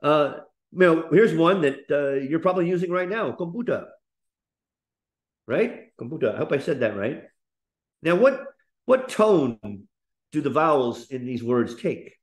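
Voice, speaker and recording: A man teaching a webinar lesson on speaking, explaining slowly with frequent fillers and restarts. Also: a little high, very animated. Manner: demonstrates example phrases in a lifted, playful voice.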